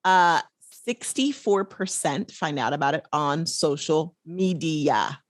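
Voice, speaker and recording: A woman's voice: low-pitched, expressive, no echo. Chatty woman hosting a podcast. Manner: chatty, playful, quick asides. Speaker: podcast host. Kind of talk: casual podcast chat.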